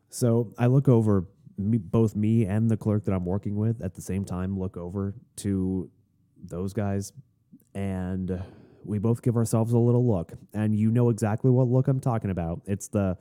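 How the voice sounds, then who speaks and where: In a low, warm voice at normal speed, a male podcast host works through a long, wandering anecdote, wryly mocking himself along the way. His accent is plain, non-Southern American, and the mood is casual storytelling.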